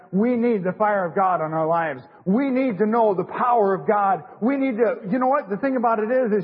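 Husky folksy man preaching in a hall. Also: sits high. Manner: repetitive, folksy, many fillers and restarts. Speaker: lay preacher. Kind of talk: informal church sermon. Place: church sanctuary. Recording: dull lo-fi recording in a big reverberant hall.

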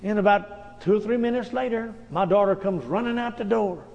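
High-voiced preacher in a reverberant hall. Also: male voice, moderate pace, gravelly, a little mellow, dull audio. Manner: folksy storytelling preacher, frequent amens. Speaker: pastor. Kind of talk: sermon.

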